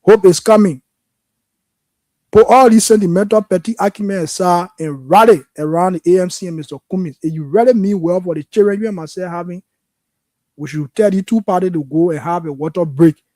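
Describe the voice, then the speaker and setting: Liberian male talk host, heated political commentary, high voice, dry sound. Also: a little fast, dark tone, no echo. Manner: impassioned, frustrated. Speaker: radio call-in host.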